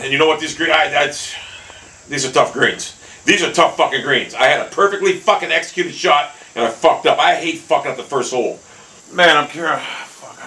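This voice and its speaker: A man commentating his own golf video game play, swearing constantly and bursting into frustrated shouts. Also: on the high side, a little hiss or hum, rough recording. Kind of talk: casual gameplay commentary.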